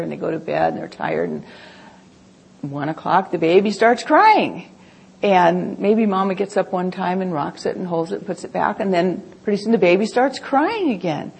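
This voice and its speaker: A middle-aged woman gives a Bible teaching talk in an earnest way. Her voice is gravelly with some fry, and husky. She explains her points with homely examples from family life. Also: medium pitch, warm tone.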